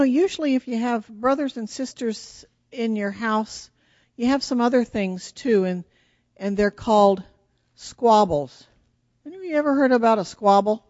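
Animated woman telling a children's story. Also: on the high side, dry recording, lo-fi sound. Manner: animated, asks children questions. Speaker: children's story leader at church.

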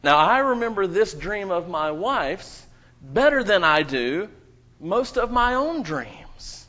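A man's voice: high-pitched, fairly bright tone, lo-fi sound. A man serving as pastor in a church, leading a prayer and then telling a children's story with playful questions to the kids. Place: church sanctuary.

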